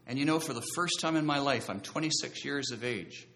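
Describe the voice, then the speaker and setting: A man's voice: medium pitch, brisk, creaky, hardly any pauses, fairly bright tone. A man preaching a sermon, telling his own conversion story in an earnest, conversational way and drawing out key phrases for emphasis. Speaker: preacher giving his testimony.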